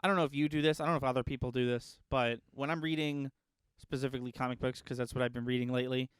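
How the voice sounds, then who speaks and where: A man co-hosting a relaxed movie podcast, chatty and quick to giggle. His mid-range voice is smooth and clear. The recording is dry and close. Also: medium pitch, no room sound. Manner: easygoing, giggly, chatty storyteller. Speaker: podcast co-host. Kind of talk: casual movie review chat.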